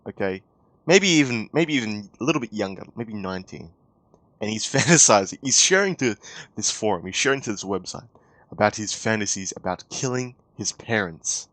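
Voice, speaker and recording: Male commentary youtuber, sarcastic, fairly low voice, dry close sound. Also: lively intonation, normal speed, a bit bright, no echo. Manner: sarcastic, incredulous. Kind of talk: online drama commentary.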